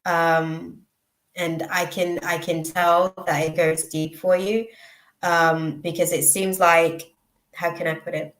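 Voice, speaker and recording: A woman giving a live intuitive tarot reading, speaking reflectively and pausing often with ums and restarts. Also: fairly low pitch, little pitch movement, fairly bright tone, roomy sound, poor audio. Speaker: tarot reader.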